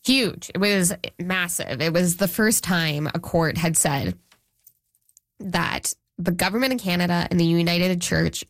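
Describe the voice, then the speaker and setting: A woman's voice: fairly low pitch, measured pace, no echo, clean studio sound. A woman journalist being interviewed, talking casually with frequent restarts and quoted speech. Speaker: journalist guest. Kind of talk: interview conversation.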